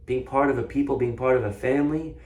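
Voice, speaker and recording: A man tells a sermon story in an animated way, stumbling and restarting as he goes. His mid-pitched voice is full of roomy echo. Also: quick pace. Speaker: Torah teacher. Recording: echoey room.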